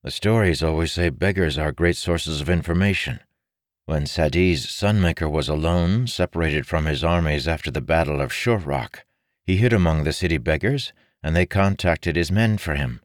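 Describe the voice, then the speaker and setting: A man's voice: extremely low pitch, normal speed, no echo, clean studio sound. A man voicing an earnest young male adventurer who talks with insistent confidence. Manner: insistent, confident, a little conspiratorial.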